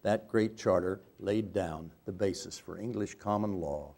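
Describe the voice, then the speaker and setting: Older American man, low voice, speaking to an audience, anecdotal and wry. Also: measured pace, vocal fry, darkish tone. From United States. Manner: wry, anecdotal, with asides and self-corrections. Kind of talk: speech to an audience.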